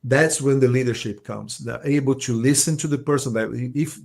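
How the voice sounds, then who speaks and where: A man guest on a podcast, talking in a relaxed conversational way. He often restarts his words and ends points with a tag question. His pitch is in a plain middle range for a man. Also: a little fast, creaky. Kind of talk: casual conversational interview.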